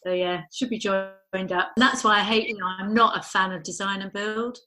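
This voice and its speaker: A middle-aged woman speaking as an interview guest at an everyday pitch. She talks thoughtfully and loosely, restarting sentences and dropping in "you know" as she works through her ideas. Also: steady tone, a little fast, rough recording. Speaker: architect guest. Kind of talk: conversational interview.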